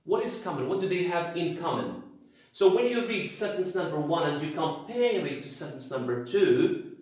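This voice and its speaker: A man teaching an English grammar lesson, explaining slowly and repeating key phrases for emphasis. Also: high-pitched, very echoey.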